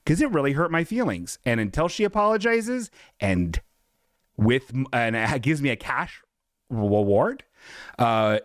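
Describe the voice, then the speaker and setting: A man's voice: medium pitch, no room sound, clean studio sound. A man hosting a podcast, telling a comedic story with sarcastic, self-mocking humor. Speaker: podcast host.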